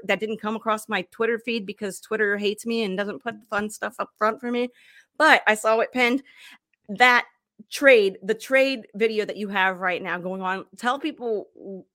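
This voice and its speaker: A woman's voice: mid-range voice, bright, forceful tone. Giggly, enthusiastic podcast host woman. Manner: enthusiastic, giggly, uses casual slang. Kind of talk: casual interview.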